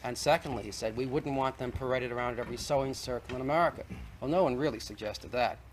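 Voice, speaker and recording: A man of middle pitch argues persistently, laying out evidence point by point in a televised debate. Faint noise sits under the voice of this old 1960s TV recording. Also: fast talker. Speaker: debate guest.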